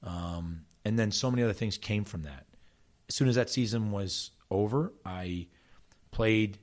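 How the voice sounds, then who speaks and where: A South Jersey man, middle-aged, who played soccer and now coaches it, spins animated stories as an interview guest in an unhurried, lowish voice. He keeps breaking off and starting over.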